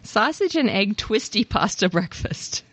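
A woman's voice: medium pitch, big pitch swings, measured pace, a bit bright, husky, dry recording. A woman co-hosting a casual chat, reading out items with playful asides and frequent giggles. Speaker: podcast co-host.

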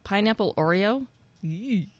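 A woman's voice: mid-range voice, lively intonation, unhurried, no echo, dull audio. A woman co-hosting a casual chat, reading out items with playful asides and frequent giggles. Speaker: podcast co-host.

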